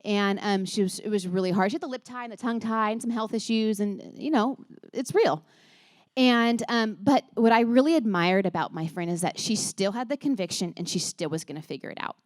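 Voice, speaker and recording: A woman, likely in her thirties, shares stories and advice with a church moms' group in a warm, rambling, earnest way, stumbling over words and restarting sentences. Her voice sits at a middle pitch. The recording is close and dry, with almost no room sound. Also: brisk, dry recording. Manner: chatty and earnest, with many restarts and laughs. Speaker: speaker at a church moms' gathering. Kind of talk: casual talk to a women's group.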